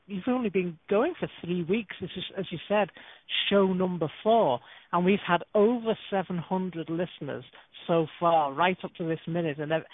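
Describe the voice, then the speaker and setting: A woman's voice: fairly low pitch, normal speed, no echo. A woman from the UK co-hosting an internet radio talk show, chatty and upbeat, often repeating words as she goes. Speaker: co-host. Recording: tinny dry phone line.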